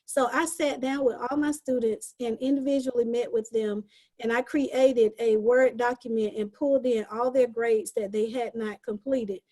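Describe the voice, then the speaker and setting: A woman teacher with a higher, mellow voice explains her point earnestly and step by step. She speaks in a casual panel discussion, heard through a video-call mic. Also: steady tone, moderate pace. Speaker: special education teacher.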